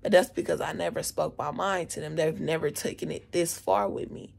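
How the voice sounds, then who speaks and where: A teenage girl telling a story from school in a casual vlog from her bedroom, animated, indignant and swearing freely. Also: low-pitched, a little fast, gravelly, husky. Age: teens. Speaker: vlogger, student. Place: at home, bedroom.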